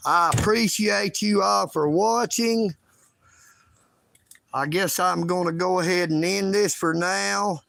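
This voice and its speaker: A high, gravelly male voice with a drawl talks slowly and loudly from his bedroom on a livestream. His tone is bright and sharp, and his talk is emphatic and self-promoting. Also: slight background noise.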